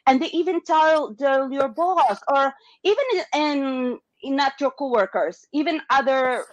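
A woman's voice: high voice, unhurried, dry recording, muffled recording. A woman, chatting as a guest and acting out what other people say in different voices. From Philippines. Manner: talkative, acts out quoted remarks in changed voices. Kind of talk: casual conversation sharing experiences.

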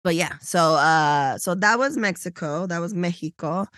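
This podcast co-host has a fairly low-pitched voice and speaks at an ordinary speed. She tells a story animatedly in casual chat, playing out the quoted characters, and the recording is dry with clean studio sound.

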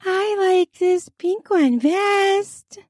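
A woman putting on a sweet high girly shopper. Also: drawn-out words, darkish tone, no echo, clean studio sound, full character voice. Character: sweet-voiced young woman shopper, bubbly.

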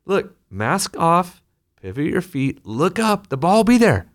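A man plays a supportive youth baseball coach calling out gentle instructions. The voice sits well above his own and stays bright and coaxing. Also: sits high, sing-song, a little slow, voice pushed up, exaggerated voice. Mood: encouraging. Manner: coaxing, encouraging. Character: upbeat encouraging male youth baseball coach.

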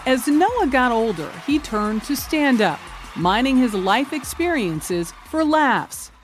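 A woman narrating a news feature as correspondent, with a measured storytelling delivery. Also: sits high, very animated, soft background music.

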